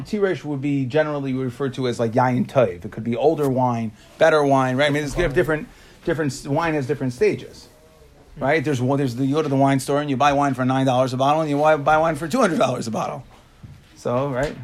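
A man teaches a Talmud class in a classroom, his voice sitting somewhat high for a man. He explains in quick bursts, posing rhetorical questions and answering them himself.

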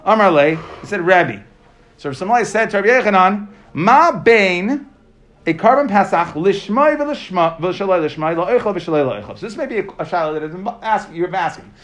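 Man, high voice, daily Talmud class, explains line by line. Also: expressive, a little fast, a bit bright. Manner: explains text line by line, translating and asking questions. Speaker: Talmud teacher.

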